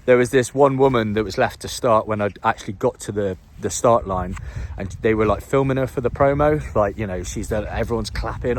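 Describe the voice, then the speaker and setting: A young man, a triathlete vlogger, telling a story to the camera in a chatty, animated way. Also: on the low side, fairly quick, slight background noise.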